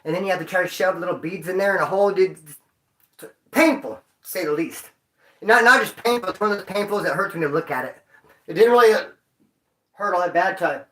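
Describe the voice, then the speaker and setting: A man's voice: high voice, a little fast, long pauses, fairly bright tone, reverberant. A man vlogging, telling stories to his viewers in a rambling, profane way full of street slang. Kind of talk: casual storytelling to viewers.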